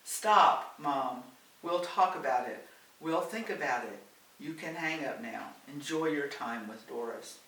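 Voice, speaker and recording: A man's voice: a little high, lively intonation, measured pace, sharp tone, full character voice. A man voicing a guarded adult daughter on the phone, dry and sarcastic, recorded far off in a roomy space with faint hiss.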